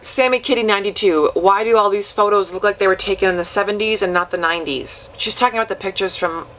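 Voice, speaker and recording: A young woman from Wisconsin vlogging a comic story, rambling and self-mocking with quick asides. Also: medium pitch, noisy background.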